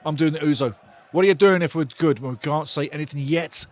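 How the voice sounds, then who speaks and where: A man hosting a live football watch-along, shouting and swearing excitedly while calling the play and reading out chat messages. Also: on the high side, fairly quick. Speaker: watch-along host and fan commentator. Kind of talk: live fan match commentary, reading chat.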